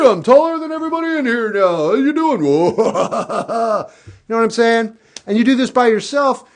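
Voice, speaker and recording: A man hosting a live stream, giving casual life advice with candid reflection and sudden goofy outbursts. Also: high voice. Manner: animated, goofy bursts of shouting.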